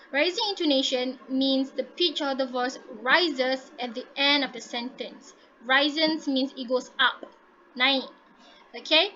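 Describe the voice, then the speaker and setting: A woman's voice: sits high, sharp tone, dull audio, a little hiss or hum. A woman teaching English to a class over a video call, encouraging her students and modelling intonation aloud.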